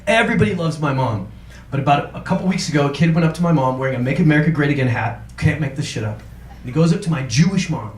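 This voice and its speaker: A man performing a stand-up comedy set on a club stage, ranting through punchlines and acting out his friends' voices. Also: fairly high pitch. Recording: echoey club room with crowd noise.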